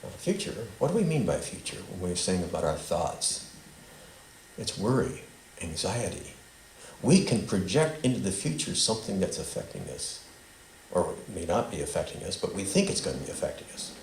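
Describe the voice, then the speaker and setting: In the echoey meeting hall of a spiritual center, with faint noise in the recording, a man with a deep, slightly mellow voice teaches a small group at a moderate pace. Very animated, he meanders and leads them in a repeat-after-me statement, call-and-response style.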